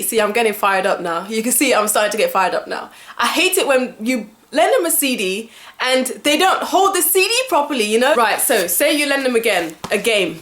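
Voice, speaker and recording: A woman vlogger talks straight to camera in a fairly high voice, venting with animated exasperation and plenty of fillers. The room around her is echoey. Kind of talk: casual ranting vlog to camera.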